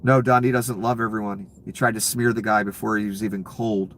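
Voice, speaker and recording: A man's voice: fairly low pitch, steady tone, fairly quick, hardly any pauses, a little hiss or hum. A man ranting about politics, heated and sarcastic, with frequent profanity. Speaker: political commentator. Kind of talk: angry political rant.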